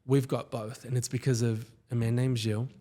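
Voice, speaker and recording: A man, a company founder, telling stories as a guest in a casual podcast interview, with enthusiasm and quick asides. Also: medium pitch, flat delivery, warm tone.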